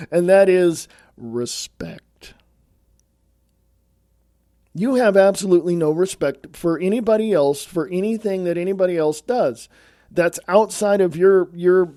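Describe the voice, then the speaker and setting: A man with a high-pitched, mellow voice hosts his own podcast, delivering a blunt, scolding, sarcastic monologue. The recording is studio quality with no room sound.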